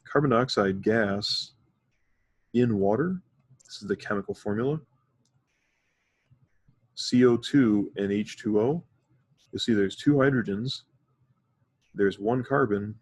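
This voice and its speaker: A man's voice: lowish voice, a little slow, long pauses, no room sound. A man teaching a chemistry lesson, explaining methodically step by step with occasional fillers. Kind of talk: recorded classroom lecture.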